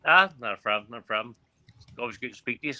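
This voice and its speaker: A man's voice: mid-range voice, lively intonation, fast, crowd noise. A man calling in to a fan show, earnestly passing on club news. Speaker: caller. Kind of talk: casual phone-in chat.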